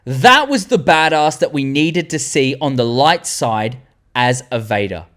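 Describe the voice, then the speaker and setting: A young Australian man in his twenties, hosting a fan tier-list vlog and rambling excitedly with the odd swear word. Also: medium pitch, a little slow. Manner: animated, rambling, swearing, loses words mid-sentence. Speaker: channel host.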